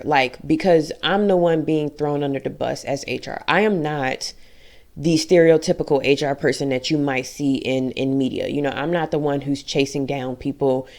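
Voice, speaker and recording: A young woman with a low voice tells a candid personal story to her camera. She talks emphatically in casual slang, venting her frustration. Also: a little mellow. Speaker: vlogger.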